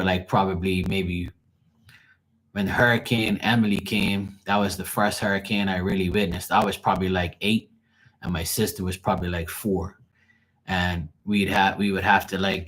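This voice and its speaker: Guy on a livestream, lowish voice, cussing and animated while he tells a story. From Bermuda. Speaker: livestream host. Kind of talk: casual storytelling.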